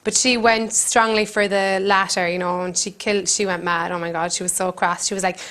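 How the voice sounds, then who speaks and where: A woman comedian with a Cork accent hosting a comedy cooking show, telling rambling deadpan stories with giggles in between. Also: medium pitch, a little fast. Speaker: comedian host. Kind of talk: deadpan comic monologue. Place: country kitchen.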